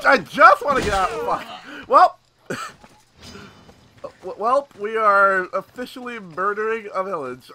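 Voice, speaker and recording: A man giving casual gameplay commentary, excitable, swearing and laughing often. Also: sits high, a little hiss or hum. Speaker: gaming YouTuber.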